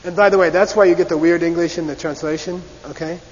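Male lecturer, fairly high voice, repeats "okay?", long reverb, muffled lo-fi tape with faint hiss. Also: fast. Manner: animated, repeats "okay?" and acts out debate voices. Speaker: teacher. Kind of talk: classroom lecture.

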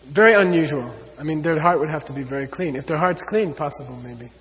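A man's voice: fairly high pitch, fast talker, fairly bright tone, in a large hall. A man giving an earnest spiritual talk to an audience, repeating his points and often saying "you know.". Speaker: Buddhist teacher.

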